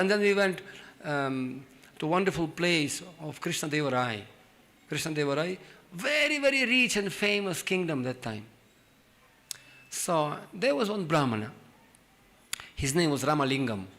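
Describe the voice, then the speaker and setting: A middle-aged man telling a story in a sermon, acting out its characters and laughing often. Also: a little high. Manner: animated, acts out voices in the story, laughs often. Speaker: speaker giving a scripture class.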